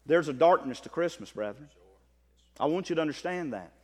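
A man preaching a sermon as pastor, swinging from impassioned near-shouting to calm scripture reading. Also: fairly high pitch, fairly quick. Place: church. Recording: long reverb of a church hall.

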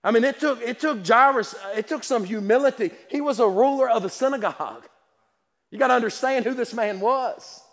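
High-voiced preacher in a reverberant hall. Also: male voice, a little fast, fairly bright tone. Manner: passionate, repeats words, stammering restarts. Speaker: pastor. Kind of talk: sermon.

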